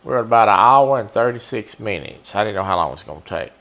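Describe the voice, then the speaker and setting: A man with a drawl talks over his baseball game in a chatty, folksy way, addressing his viewers directly. His voice sits on the low side, relaxed and conversational, picked up on a desk mic at his gaming setup. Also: fast. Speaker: streamer playing a baseball video game. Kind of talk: casual live-stream commentary.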